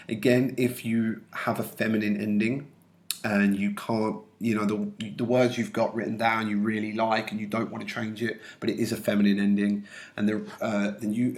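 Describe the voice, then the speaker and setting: A man teaching a lesson, calmly walking through examples step by step for his students. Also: fairly low pitch. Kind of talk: classroom lesson explanation.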